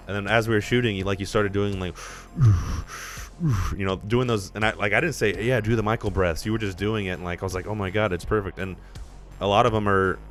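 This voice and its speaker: A man with a very deep voice hosts a podcast in loose, easygoing chat, full of "like" fillers. Faint music sits underneath. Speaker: podcast host and filmmaker. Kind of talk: casual chat.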